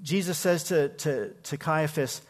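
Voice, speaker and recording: A man's voice: on the high side, measured pace. A man with a somewhat raised voice preaches a sermon in a church sanctuary. He keeps a conversational tone, often repeats the first word of a phrase, and asks his congregation questions. A long hall reverb trails behind every word. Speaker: pastor.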